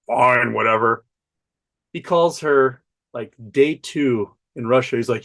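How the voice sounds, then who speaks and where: A man talking as a podcast guest, telling a story in an animated, profane way and laughing often. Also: medium pitch, takes it slowly, creaky. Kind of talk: casual storytelling chat.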